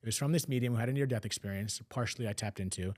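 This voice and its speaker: Fast-talking man recounting family story. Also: lowish voice, darkish tone. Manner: fast, emotional retelling with acted quotes. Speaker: podcast guest. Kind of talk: personal storytelling.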